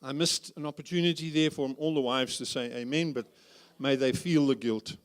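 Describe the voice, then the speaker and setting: A man's voice: mid-range voice, moderate pace, smooth. A man preaching as a guest speaker at a church conference, humorous and full of rhetorical questions. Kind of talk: conference sermon.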